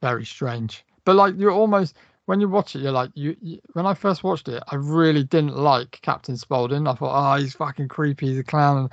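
Gravelly man swearing through film talk. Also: a little high, moderate pace, dry recording, dull audio. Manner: animated, swearing, retelling film scenes with quoted lines. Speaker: podcast co-host. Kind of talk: casual chat.

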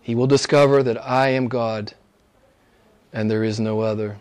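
A man preaching an expository sermon, swinging from loud, soaring exclamations to hushed near-whispers and drawing key words out slowly for emphasis. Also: medium pitch, fairly even intonation. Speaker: pastor.

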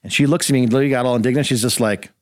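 A man chatting quickly and loosely on a talk show, jumping into the voices of the people in his story. His voice sits at an ordinary middle pitch. The recording is dry and close. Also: no room sound. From rural Minnesota. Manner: animated storyteller acting out quotes. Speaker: guest host. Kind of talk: casual storytelling chat.

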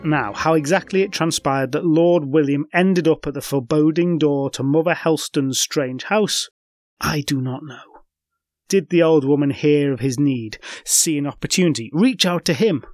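A man's voice: a little high, moderate pace, darkish tone, no echo, clean studio sound, faint music behind. A man hosting a folklore podcast, telling the tale with wry personal asides. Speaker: podcast host. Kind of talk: scripted folklore storytelling.

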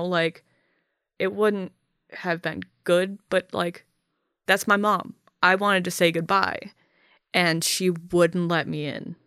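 A young woman talking in a casual podcast conversation, halting and full of fillers and restarts, blunt and profane. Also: on the low side, a bit bright, clear, resonant tone, no echo, clean studio sound.

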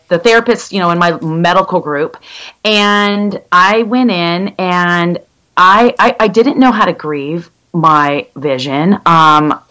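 Candid, halting woman in her fifties. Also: lowish voice, fairly bright tone, rough recording. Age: 50s. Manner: candid, halting, many fillers and restarts. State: legally blind. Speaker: interview guest. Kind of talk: personal story in conversation.

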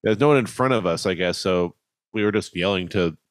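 A man's voice: deep voice, fairly quick, no room sound. A young man co-hosting a casual chat, telling a rambling story with laughs and frequent swearing.

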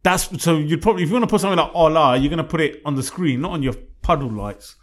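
A man co-hosting a casual car chat, reacting quickly with disbelief and giving blunt opinions. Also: a little high. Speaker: car podcast co-host.

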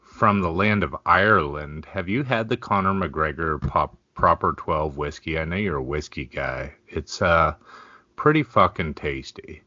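A man with a very deep voice that still comes through bright and forceful, chatting bluntly and swearing freely as a podcast co-host. The sound is dry and lo-fi. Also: unhurried, dry recording. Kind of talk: casual profane chat.

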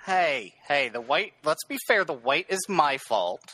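Slow, dry-joking man with an expressive voice. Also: on the high side, breathy edge, no room sound. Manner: hesitant, with many ums, dry joking asides. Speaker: guest player. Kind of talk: casual chat playing a game.

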